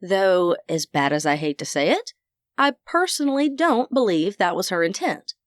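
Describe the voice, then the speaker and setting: A woman's voice: lowish voice, sing-song, normal speed, no echo, studio quality. A woman narrating a first-person audiobook, full of folksy phrases. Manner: folksy Southern idioms.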